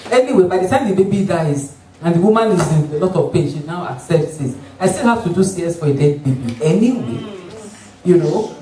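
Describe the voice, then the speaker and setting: A doctor, an obstetrician from Nigeria with a Nigerian accent, giving a lively community health talk and mimicking patients and doctors along the way. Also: medium pitch, brisk. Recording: roomy hall, voice from far off the mic.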